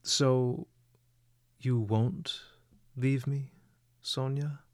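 A man's voice: mid-range voice, fairly even intonation, extremely slow, dry recording, studio quality, pitched above the performer's own voice. A man voicing a troubled, weary young man who speaks in a subdued, searching way.

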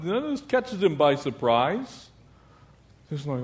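A male pastor preaching a lively sermon, asking the congregation for amens and mixing in jokes. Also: on the high side, moderate pace.

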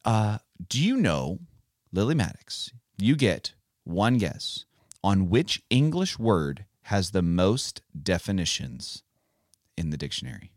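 A man's voice: sits low, sing-song, slow pace, dry recording, clean studio sound. A man hosting a casual Bible podcast for children, talking in a playful, teacherly way. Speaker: podcast host.

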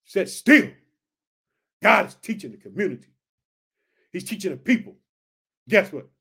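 A man with a high, swooping voice preaches on a Bible passage. He is fervent and lively, with pitch leaping up and down as he keeps checking that his listeners are following along. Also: unhurried, creaky, long pauses, breathy edge. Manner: fervent, keeps asking "did you hear?" and "check it out"; addresses listeners as family. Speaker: Bible teacher. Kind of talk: animated Bible teaching.

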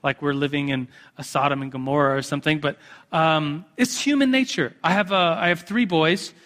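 Man, 30s, high bright voice, casual rambling sermon, church hall echo. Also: a little fast. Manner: casual, chatty preaching full of "like" and restarts. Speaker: preacher. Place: church sanctuary. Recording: echoey hall.

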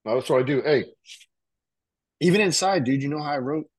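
In a slightly high, animated voice with a breathy edge and a moderate pace, a middle-aged US writer talks about his past as an interview guest. The stories come out loose and slangy, stuffed with "like" and "you know," interrupted by coughing from a bong.

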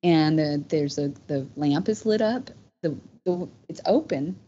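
A woman's voice: low-pitched, animated, measured pace, mellow, slight background noise. A woman, telling a personal story as a podcast guest in a heartfelt, rambling way, with many "you know" fillers. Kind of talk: casual storytelling. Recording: dull lo-fi podcast audio.

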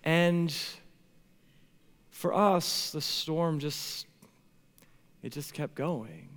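A man in his thirties preaching a sermon as a pastor, animated, swinging from hushed tones to near shouting. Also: a little high, extremely slow, pauses often. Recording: long hall reverb.

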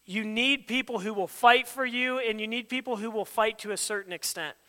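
A man's voice: high-pitched, normal speed, pushed and bright. A man giving a conversational, emphatic sermon as a pastor, acting out quoted dialogue as he goes. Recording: long hall reverb.

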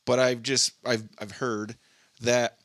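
Bright-toned, laid-back male podcast co-host. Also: medium pitch, little pitch movement, takes it slowly, no echo, studio quality. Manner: laid-back, profane, chiming in with questions. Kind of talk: casual chat.

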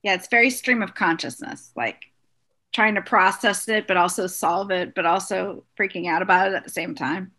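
Woman cohost jumping in on a show recap, bright sharp voice. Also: medium pitch, normal speed. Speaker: podcast co-host. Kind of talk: casual recap chat.

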